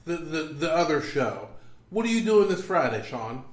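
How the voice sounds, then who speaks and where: A man's voice: on the high side, very animated, normal speed. A young man co-hosting a casual podcast, giving dry, teasing short replies. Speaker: podcast co-host. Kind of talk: casual chat. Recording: echoey room.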